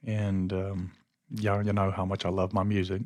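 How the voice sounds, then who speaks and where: This man hosts a podcast and rambles conversationally through a casual story, frequently losing the thread. His low-pitched voice stays completely flat at a moderate pace, captured in clean studio sound without echo.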